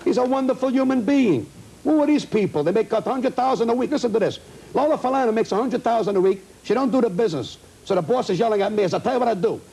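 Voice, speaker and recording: Man, comedian, ranting, high swooping voice, old broadcast. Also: expressive, vocal fry, warm tone, breathy edge, poor audio. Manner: indignant, ranting, rapid-fire complaints. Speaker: comedian guest. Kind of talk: heated talk show interview.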